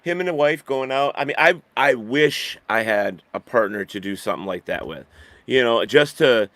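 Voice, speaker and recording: A man's voice: mid-range voice, animated, normal speed, a bit bright, no echo. Man, casual chat, rambling, restarts, laughs easily, dry close sound.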